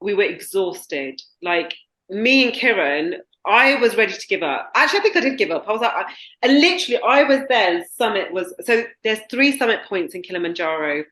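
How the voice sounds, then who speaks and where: A woman guest recounting a hard experience in an earnest, halting way, restarting her sentences. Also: medium pitch, animated, pushed and bright. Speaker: podcast guest. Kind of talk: reflective conversational storytelling. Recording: echoey room.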